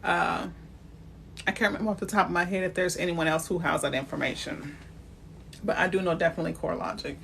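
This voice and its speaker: Woman doing a casual live stream, direct and chatty, bright sharp tone. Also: on the low side, fairly even intonation, quick pace, gravelly, slight background noise. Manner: chatty and direct, greets viewers by name. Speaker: realtor. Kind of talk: live-stream talk on building credit.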